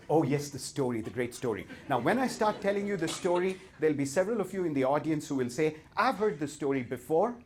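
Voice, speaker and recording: A man's voice: medium pitch, darkish tone. A man with an Indian accent, a professor giving a talk to an audience and telling a story with playful, teasing humor.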